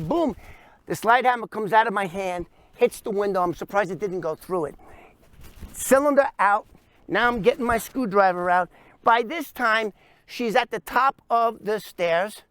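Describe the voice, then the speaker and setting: A man tells a first-person story, acting out scenes with sound effects and quick voices. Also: sits high, lively intonation, a bit bright, dry recording. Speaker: storyteller recounting his past.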